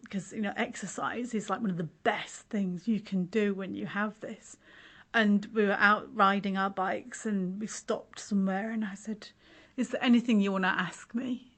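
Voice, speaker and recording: A middle-aged woman in easy conversation, telling stories with frequent laughs. She slips into the voices of the people she quotes. Her pitch sits in the middle for a woman. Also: fairly even intonation, a little slow, fairly bright tone. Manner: chatty storyteller, laughs often, acts out quotes of others. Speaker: podcast host sharing her story. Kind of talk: casual chat.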